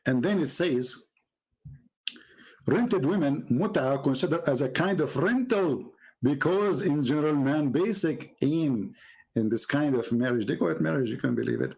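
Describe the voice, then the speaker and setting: A man giving mocking, sarcastic commentary as he reads from a website on screen. He swings from low mutters to sudden high exclamations. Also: lively intonation, measured pace, vocal fry, darkish tone, low-quality recording. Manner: mocking and sarcastic, with exaggerated mock praise. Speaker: religious debater and commentator.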